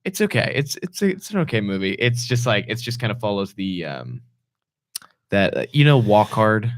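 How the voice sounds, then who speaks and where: A man co-hosting a podcast, chatting quickly and casually. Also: fairly low pitch, big pitch swings, no echo, studio quality. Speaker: podcast co-host. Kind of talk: casual chat.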